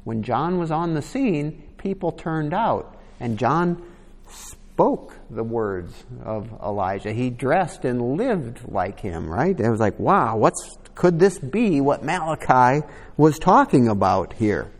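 Animated male preacher in a reverberant hall. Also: medium pitch, slow pace. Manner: reads verses aloud, then breaks in with casual asides. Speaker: pastor. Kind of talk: sermon, reading and expounding scripture.

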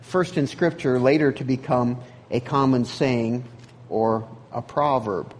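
A man's voice: medium pitch, unhurried, a little hiss or hum. A man preaching a sermon, reading scripture aloud and then explaining it in a conversational way. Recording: long hall reverb.

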